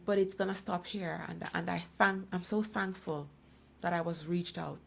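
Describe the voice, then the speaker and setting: Low gravelly middle-aged woman. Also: fairly even intonation, moderate pace, slight background noise. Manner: emphatic storytelling, acts out others' voices. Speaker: guest speaker. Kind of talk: personal testimony in a talk program.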